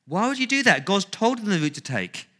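A man's voice: high-pitched, sing-song, a little fast, a bit bright. A man preaching a sermon as pastor, emphatic, with rhetorical questions and repeated phrases.

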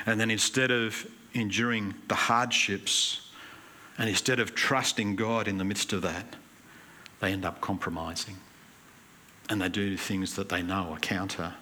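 A male pastor delivering an earnest, emphatic sermon in a church. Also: deep voice. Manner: earnest, emphatic preaching with animated anecdotes. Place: church hall.

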